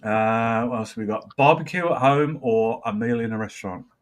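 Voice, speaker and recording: Middle-aged host, easygoing, lots of uhs, casual chat. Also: male voice, mid-range voice, brisk. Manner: easygoing, hesitant with frequent uhs.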